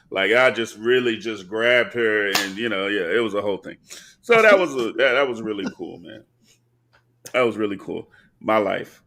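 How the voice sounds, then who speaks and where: Gravelly man telling stories. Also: on the low side, moderate pace. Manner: animated storyteller, slips into impressions. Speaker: podcast co-host. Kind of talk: casual banter.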